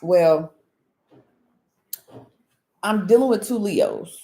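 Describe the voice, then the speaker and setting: A woman's voice: medium pitch, expressive, very slow, mellow. A woman hosting her channel, chatting casually and candidly with viewers, telling stories with frequent laughs and blunt, profane asides. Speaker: spiritual reader and channel host. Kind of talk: casual storytelling chat to viewers.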